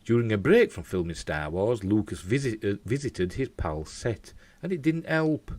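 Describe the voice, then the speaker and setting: A man's voice: lowish voice, expressive, normal speed, a little mellow, dry recording. A man with a Yorkshire accent hosting an entertainment news show, reading the story with jokey asides. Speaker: host.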